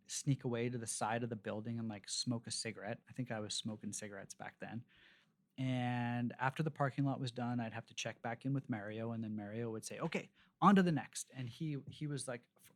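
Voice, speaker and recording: A man's voice: medium pitch, steady tone, a little fast. A man, a restaurateur, telling long anecdotes as a podcast guest, casual and rambling with many fillers and restarts. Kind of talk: casual storytelling interview.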